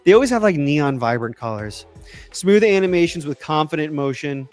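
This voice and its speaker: An excitable man talks loosely in a casual livestream, rambling, breaking off and picking his thought up again. His voice sits a little high for a man. Faint music plays underneath. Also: moderate pace. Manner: rambling and excitable, trailing off and restarting. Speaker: tech YouTuber answering live chat.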